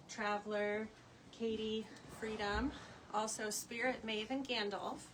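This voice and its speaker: A woman giving steady, informative facts while guiding a live-stream tour of a horse barn. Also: on the high side. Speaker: sanctuary guide. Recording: noisy barn recording.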